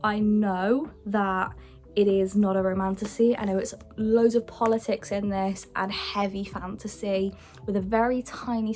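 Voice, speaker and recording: A young woman chatting casually about her books, excitable, with the odd hushed aside. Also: medium pitch. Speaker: book vlogger. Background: faint background music.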